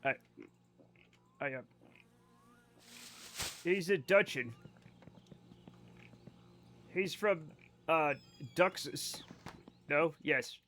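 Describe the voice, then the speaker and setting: A man's voice: a little high, extremely slow, long pauses, fairly bright tone. A man live-streaming a game, rambling and joking with his chat in a profane, casual way.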